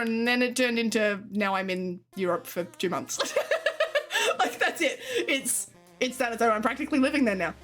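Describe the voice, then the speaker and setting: A woman's voice: mid-range voice, fairly quick, a bit bright, soft background music. A young Australian woman streaming, chatting loosely with her chat, swearing freely and laughing often. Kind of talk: casual chat with live chat.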